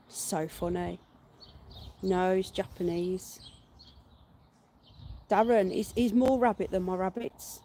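A woman's voice: medium pitch, takes it slowly, pauses often, dark tone. A middle-aged British woman chatting casually on a live stream from her back garden, laughing and swearing freely. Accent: British English.

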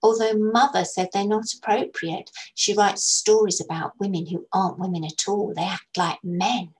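A woman's voice: fairly high pitch, expressive, a little fast, darkish tone, pitched above the performer's own voice, natural voice, low-quality recording. A woman voicing a smug, gossipy schoolgirl who speaks with an air of authority. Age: child.

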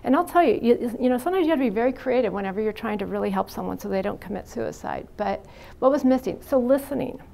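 Frank, gravelly middle-aged woman lecturing. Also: a little high, lively intonation, fast, dark tone. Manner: frank, chatty, anecdotal, many "you know" fillers. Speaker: psychiatric nurse lecturer. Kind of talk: university lecture. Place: university classroom.

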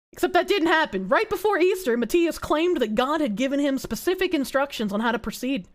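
Female streamer, young adult, reads history to chat with sarcastic profane asides; bright high voice, very animated. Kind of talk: reading history aloud with live commentary.

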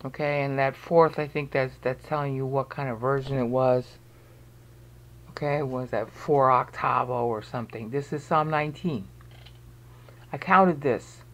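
A video presenter explaining research narrates a screen-recorded walkthrough in a medium-pitched, slightly bright voice. They think aloud while searching on screen and make pointed, emphatic remarks.

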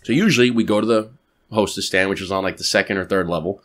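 A man hosting a podcast, telling a story in a casual, animated way, swearing freely and adding quick asides. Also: low voice. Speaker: podcast host.

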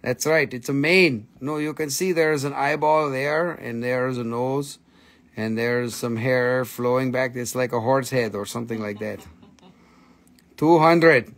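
A man's voice: mid-range voice, a little slow, a bit bright. A man hosting a live-stream sale, playful and joking, bantering with viewers and himself into a phone. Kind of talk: live-stream sales pitch.

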